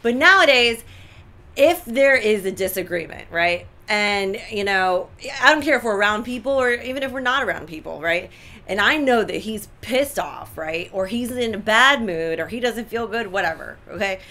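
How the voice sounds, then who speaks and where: Bright, emphatic woman giving advice. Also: mid-range voice, moderate pace. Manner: emphatic, animated, repeats herself for effect. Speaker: co-host giving relationship advice. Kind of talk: casual advice chat.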